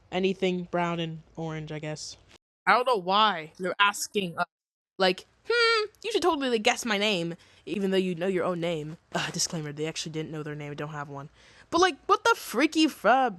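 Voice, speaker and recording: A young woman rambles over a Roblox game, cursing freely and swinging from squeaky excited highs to muttered asides. Her pitch jumps around constantly. The sound is dry and close, with no room around it. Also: no room sound. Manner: rambling, swears a lot, jumps between squeaky highs and mumbles. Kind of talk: casual gameplay commentary.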